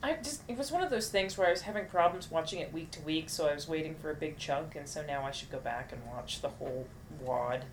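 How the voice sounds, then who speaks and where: A woman co-hosting a casual pop-culture chat, quick and teasing with playful jabs. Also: sits low, background noise. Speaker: podcast co-host.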